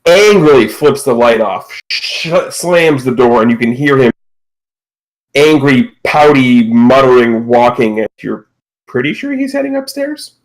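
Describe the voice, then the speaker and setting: A man's voice: mid-range voice, lively intonation, unhurried, rough recording. Casual man running a tabletop game. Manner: casual, loose narration with fillers. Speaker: game master.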